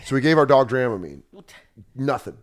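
A man's voice: mid-range voice, fairly quick. A man telling a story in casual comedic chat on a podcast, swearing and acting out voices. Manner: animated storyteller, swears, acts out his dog's voice. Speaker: podcast co-host.

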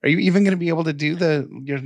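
A man's voice: a little high, rapid-fire, vocal fry. Teasing man co-hosting a podcast. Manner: teasing, amused, reads listener messages aloud. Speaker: podcast co-host. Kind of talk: casual chat.

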